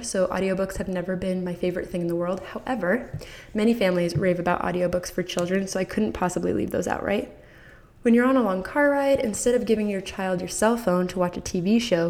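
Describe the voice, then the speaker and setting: A woman's voice: mid-range voice, darkish tone. A woman hosting a podcast who gives parents enthusiastic, encouraging advice and speaks straight to the listener. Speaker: podcast host.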